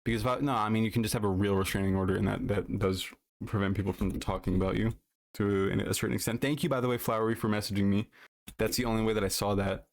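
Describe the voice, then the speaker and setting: A man's voice: fairly low pitch, fairly even intonation, quick pace, vocal fry. A man streaming live in casual chat, rambling and swearing freely into his desk microphone. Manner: rambling and heavily profane.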